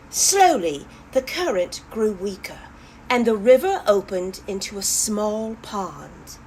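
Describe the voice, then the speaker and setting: Animated woman reading a children's story. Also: mid-range voice, unhurried, a little hiss or hum. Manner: animated, talks to young listeners. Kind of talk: children's story read-aloud.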